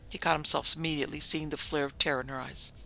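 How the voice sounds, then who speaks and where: A man narrating an audiobook in a measured, dramatic way. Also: fairly high pitch, little pitch movement, vocal fry, pushed and bright, poor audio. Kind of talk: audiobook reading. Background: faint music.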